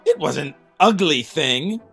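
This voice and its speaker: A man voicing a spoiled young boy who shouts and mocks in a storybook reading. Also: high-pitched, huge pitch swings, slow pace, slightly rough, soft background music, pitched above the performer's own voice, full character voice. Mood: jeering. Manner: shouting, mocking.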